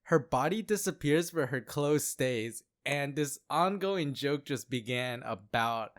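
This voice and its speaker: A man co-hosting a casual anime recap podcast, animated and laughing, slipping into mock voices. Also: medium pitch, measured pace. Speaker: podcast co-host.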